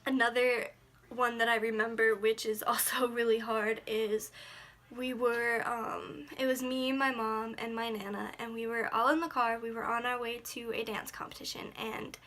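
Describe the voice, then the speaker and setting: Bright-voiced young woman vlogging earnestly. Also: on the high side, level tone, normal speed. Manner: earnest, emotional retelling with many fillers. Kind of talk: personal storytime vlog.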